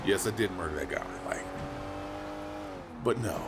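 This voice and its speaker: A man's voice: sits low, moderate pace, vocal fry, over music. A man commentating a video game as he plays, bantering in a profane, playfully exasperated way. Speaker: gameplay commentator. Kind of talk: let's play banter.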